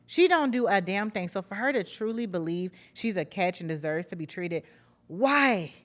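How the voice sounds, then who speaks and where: A woman's voice: fairly low pitch, a little fast. A young woman hosting a casual reality-TV recap, blunt, profane and sarcastic in her commentary. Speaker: podcast host recapping reality TV.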